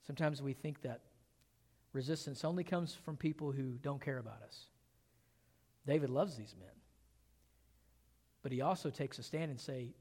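A man with a fairly high voice preaches a sermon. He asks his listeners rhetorical questions and leans hard into his key words. His voice rings out with a long reverb, as in a large church hall. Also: lively intonation, normal speed. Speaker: pastor.

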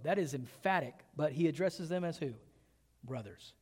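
A man's voice: a little high, normal speed, mellow. Preaching man in a reverberant hall. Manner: preaching with rising emphasis, rhetorical questions. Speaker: pastor. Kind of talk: sermon.

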